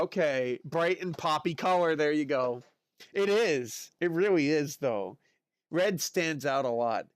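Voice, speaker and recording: A man streaming live, chatting casually and reacting excitedly to chat messages. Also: on the high side, no room sound. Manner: chatty, excitable, lots of fillers and exclamations.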